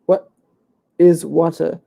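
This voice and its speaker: A pompous, know-it-all young male debater, as a man puts him on, with a gravelly voice that sits fairly high. He is hoarse and losing his voice. He is smug and self-assured, and lists fallacies as if he has won already. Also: level tone, slow pace, mellow, full character voice. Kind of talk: comedic live Q&A role-play.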